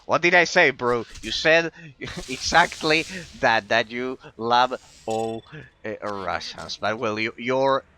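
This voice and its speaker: Guy streaming, bright forceful voice, keeps repeating himself and tripping over words. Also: mid-range voice, takes it slowly. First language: Spanish. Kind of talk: casual stream chat with viewers.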